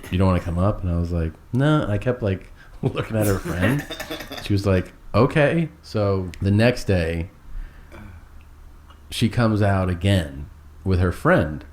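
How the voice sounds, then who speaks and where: A man's voice: sits low, measured pace, darkish tone, a little hiss or hum. A man telling a long, rambling, profane story in casual chat, acting out every quote.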